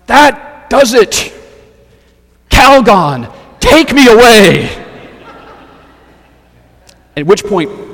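Slow-preaching man in a reverberant hall. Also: fairly high pitch. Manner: rhetorical, measured preaching with repeated phrases. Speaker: pastor. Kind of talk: sermon.

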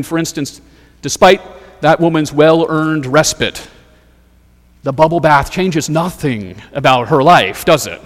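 A man preaching a sermon as pastor, measured and rhetorical, building points through repeated phrases. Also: on the high side, in a large hall.

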